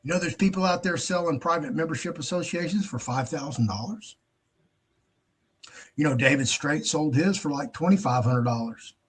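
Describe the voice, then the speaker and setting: A man's voice: on the high side, moderate pace, slightly rough. A man hosting his own show in a casual, rambling monologue, blunt and heavy on profanity. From United States. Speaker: host.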